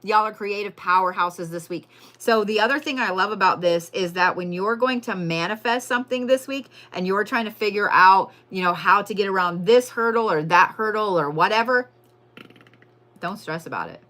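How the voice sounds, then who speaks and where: A woman's voice: medium pitch, moderate pace, bright, forceful tone. A woman doing a casual live tarot reading, brash and profane, repeating her lines for emphasis. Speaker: tarot and zodiac reader, livestream host.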